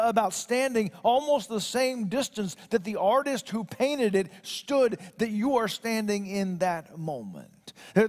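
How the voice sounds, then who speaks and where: Man preaching with a higher voice. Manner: slow solemn scripture reading; conversational preaching with restarts. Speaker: pastor. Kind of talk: sermon.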